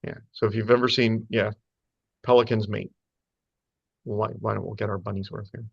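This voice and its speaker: A man with a lowish, gravelly, slightly rough voice talks to birders at a normal speed and in a level tone, giving a casual lecture with slides. He's chatty, with many fillers and playful asides, and the audio is dull.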